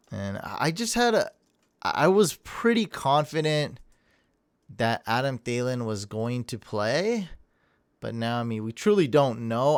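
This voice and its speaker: A man hosts a podcast in an energetic, rambling way and often laughs at his own slips. His voice is smooth and resonant, recorded close and dry. He sits at a middling pitch for a man. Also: no room sound. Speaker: podcast host. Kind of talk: casual chat.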